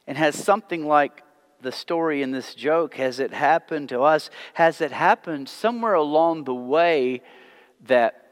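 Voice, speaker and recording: A man's voice: fairly high pitch, unhurried. A man teaching a church class, telling a joke, then posing rhetorical questions in a conversational way with frequent restarts. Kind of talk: sermon-style teaching with a joke. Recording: long hall reverb.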